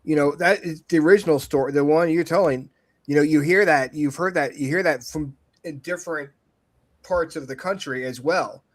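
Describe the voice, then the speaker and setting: Man, podcast host, casual rambling chat, slightly high voice. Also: normal speed. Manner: rambling, full of "you know".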